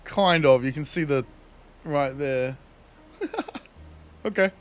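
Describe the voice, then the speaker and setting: A man's voice: fairly high pitch, takes it slowly, smooth. A young man casually commenting on his game during a livestream, laughing often and swearing freely. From New Zealand. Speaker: streamer.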